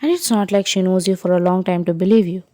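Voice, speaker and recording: Mellow woman reading a story. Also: lowish voice, steady tone, fast talker, no room sound. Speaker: story narrator. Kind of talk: second-person fan fiction reading.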